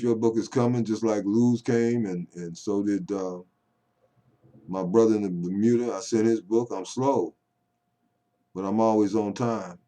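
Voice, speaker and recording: Rambling older man, deep folksy voice. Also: warm tone. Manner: folksy and digressive, rising into call-and-response preaching. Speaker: poet vlogger. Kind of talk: rambling casual monologue to camera. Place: home.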